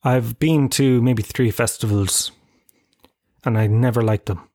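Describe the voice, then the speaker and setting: A man in his thirties with an Irish accent talks at a mid-range pitch, spinning loose, swear-laden stories that poke fun at himself. His voice sits close and dry, with almost no room sound around it. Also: fairly even intonation, unhurried, warm tone, dry recording. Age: 30s. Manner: rambling, profane, self-mocking storytelling. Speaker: podcast host. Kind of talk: casual solo podcast chat.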